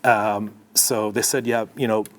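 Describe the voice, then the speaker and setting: A middle-aged man from Canada, a podcast guest, telling a story in an animated way and acting out the dialogue. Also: fairly low pitch, a little slow. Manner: animated, acts out dialogue in his anecdotes. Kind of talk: conversational storytelling.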